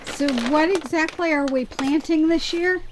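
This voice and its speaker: Wife co-host, fairly high-pitched woman, doubtful and prodding, light hiss behind. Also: steady tone, moderate pace. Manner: questioning, skeptical. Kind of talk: casual chat. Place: basement seed-starting setup.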